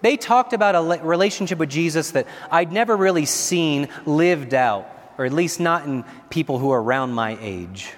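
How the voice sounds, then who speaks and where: A priest in his forties preaches a homily with earnest warmth of conviction, breaking into small chuckles as he goes. His voice sits a little higher than most men's. It rings out through a large church with a long, lingering reverb. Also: expressive, moderate pace, few pauses. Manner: earnest, chuckling often between phrases. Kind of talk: homily at Mass.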